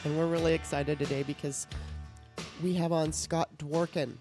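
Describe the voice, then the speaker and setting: Chatty woman podcast host, low voice. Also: level tone, moderate pace, a little mellow, soft background music. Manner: chatty, laughs often, many fillers. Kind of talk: casual political talk show.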